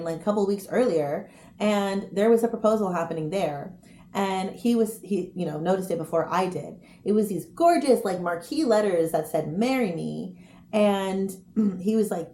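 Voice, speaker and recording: A young woman telling a story casually to camera, chatty and animated, with quick asides. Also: medium pitch. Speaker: vlogger. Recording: echoey room, faint noise.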